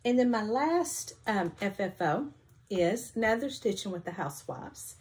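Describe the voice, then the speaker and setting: A woman's voice: medium pitch, animated, moderate pace, a little mellow. A woman chatting casually at home about her finished cross-stitch pieces, rambling with many ums. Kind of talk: casual show-and-tell chat.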